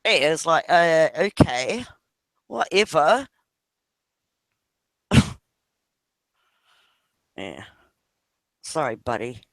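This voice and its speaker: A man's voice: a little high, very animated, drawn-out words, pauses often, a bit bright, no room sound. A man with a New Zealand accent chatting casually with a friend on a video call, laughing often and swearing offhandedly while talking about his kids. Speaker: father. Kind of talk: casual chat on an online video hangout.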